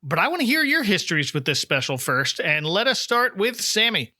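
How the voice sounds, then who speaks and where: Lively, bright-voiced male podcast host. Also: high voice, a little fast, no echo, studio quality. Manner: jokey and lively. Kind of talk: casual podcast chat.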